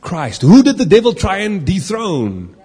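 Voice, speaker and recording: A man gives a lively Bible lesson in a large hall, stopping to ask his listeners questions and tossing in playful asides. His voice sounds a little husky, and the sound rings with long reverb. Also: sits high, a little slow. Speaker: preacher. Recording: echoey hall.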